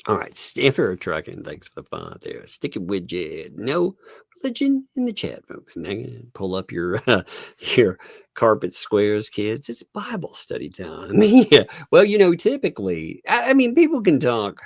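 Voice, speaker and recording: A man's voice: fairly low pitch, huge pitch swings, measured pace, vocal fry, slightly rough, no echo, clean studio sound. A man hosting a casual livestream, chatting loosely and laughing often between phrases. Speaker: livestream host. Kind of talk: casual live commentary. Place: home.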